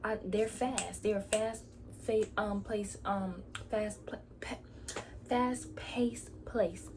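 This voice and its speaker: A young woman vlogger telling a story about her faith in a casual, chatty way, often dropping into soft whispered asides. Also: mid-range voice, fairly even intonation, takes it slowly, noisy background.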